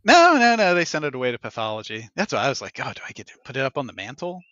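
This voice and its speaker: A man hosting a podcast in casual chat, telling an animated story and acting out what other people said, with laughs along the way. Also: medium pitch, very fast, no room sound, dull audio. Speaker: podcast host.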